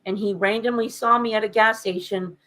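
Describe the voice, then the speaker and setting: A woman's voice: medium pitch, steady tone, brisk, fairly bright tone, rough recording. A woman on a podcast telling a candid family story in a casual, conversational way, with frequent fillers. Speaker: podcast co-host.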